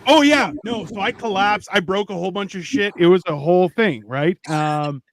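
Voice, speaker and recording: A man's voice: high voice, normal speed. A man co-hosting a casual podcast, telling a story in a rambling, profane way with many restarts. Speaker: podcast co-host.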